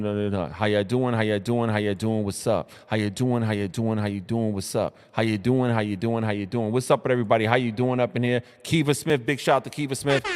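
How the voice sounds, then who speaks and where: A man's voice: medium pitch, fairly even intonation, fairly quick, hardly any pauses, clean tone, in a large hall. Hyped New man hosting a live stream. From New York City. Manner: hyped, slangy, repeats greetings and shout-outs. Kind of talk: casual live-stream chat reacting to social media posts.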